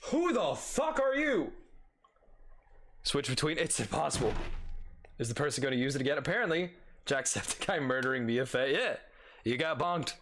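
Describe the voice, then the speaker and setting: A man's voice: mid-range voice, fairly quick, a bit bright, a little hiss or hum. A man casually commenting on a game he is playing for the first time, goofy and swearing freely. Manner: goofy, swearing, laughing, restless. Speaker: gaming video host.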